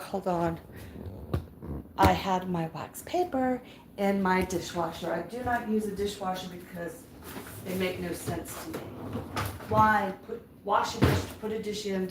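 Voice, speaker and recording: A middle-aged woman chats casually to her live-stream audience while she moves around her house sorting things. She talks slowly and at an easy pace. Faint household noise sits behind her voice. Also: medium pitch. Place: house interior, moving between rooms.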